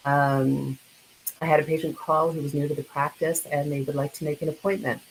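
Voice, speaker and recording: A woman presenting in a webinar, earnest and a little halting, sometimes acting out phone scripts. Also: low-pitched, steady tone, a little hiss or hum, rough recording. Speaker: dental practice consultant speaker.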